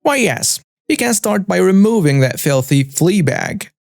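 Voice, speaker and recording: A man doing a shrill entitled woman. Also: very animated, unhurried, creaky, a little mellow, no echo, clean studio sound, full character voice. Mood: hostile shrieking. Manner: screechy, hostile, demanding. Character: shrill rude entitled middle-aged woman customer.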